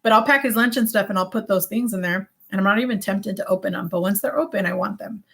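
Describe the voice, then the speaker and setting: A woman's voice: mid-range voice, fast, gravelly, fairly bright tone. A woman vlogger chatting casually to her viewers, rambling and correcting herself with many fillers. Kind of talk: casual vlog chat.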